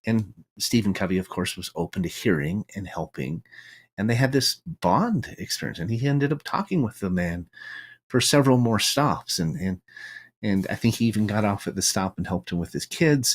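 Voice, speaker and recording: A middle-aged man from the United States talks through a solo podcast episode in a husky, fairly low voice. His pitch rises and falls a lot as he tells stories and reflects, often restarting phrases and tossing in "right?" along the way. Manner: reflective, storytelling, frequent restarts and "right?" tags. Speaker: podcast host. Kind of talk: solo monologue.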